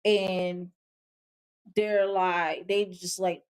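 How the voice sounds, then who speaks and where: Slow-talking woman host recapping a show. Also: on the low side, level tone, smooth. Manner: chatty, slangy recapping with frank, exasperated asides. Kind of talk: casual spoken TV show review.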